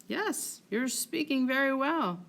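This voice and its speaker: A woman's voice: sits high, lively intonation, slow pace, gravelly, a bit bright, voice pushed up, heavily acted. A woman voicing a drunk, boastful young male lieutenant who insists he is sober. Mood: tipsy, insistent.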